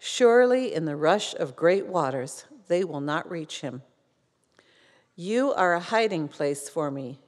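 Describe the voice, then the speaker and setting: A woman reading a psalm aloud in church, slow and measured. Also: deep voice, expressive. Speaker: scripture reader. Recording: long church reverb.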